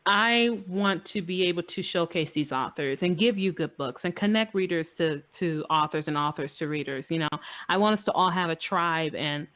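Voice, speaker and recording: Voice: medium pitch, moderate pace, hardly any pauses, dry recording. Effusive chatty radio host on a phone line. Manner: chatty, effusive, with many fillers. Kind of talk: casual radio talk show chat. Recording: dry phone-line audio.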